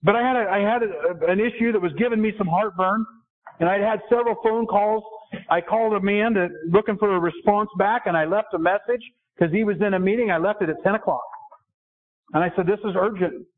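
A man's voice: high voice, fairly quick. A middle-aged man preaching a sermon earnestly, asking his listeners questions. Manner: earnest, asks the congregation questions. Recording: tinny phone-like sound.

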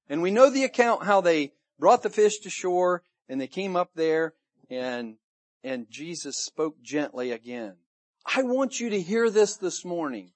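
Animated preacher man with a higher voice. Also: measured pace, dry recording. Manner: animated storytelling, acting out the people he quotes. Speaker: pastor. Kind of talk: sermon. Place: church service room.

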